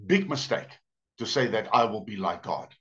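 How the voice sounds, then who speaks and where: Pastor, sermon, expressive pitch swings, dull lo-fi church recording. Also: male voice. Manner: storytelling, emphatic with drawn-out words. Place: church service.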